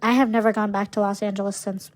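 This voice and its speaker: A woman's voice: mid-range voice, flat delivery, fast, rough recording. A young woman co-hosting a casual podcast. She tells her stories brashly, swearing freely and leaning into the drama. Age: young adult. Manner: brash, profane, dramatic storyteller. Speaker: podcast co-host. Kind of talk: casual storytelling chat.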